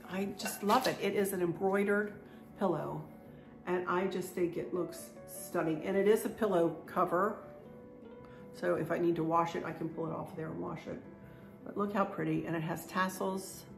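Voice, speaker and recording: A woman's voice: fairly low pitch, vocal fry. A middle-aged woman, chatting through a home decor vlog in a gushing, folksy way, teary and emotional. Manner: gushing, folksy, repeats herself. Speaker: craft and home decor vlogger.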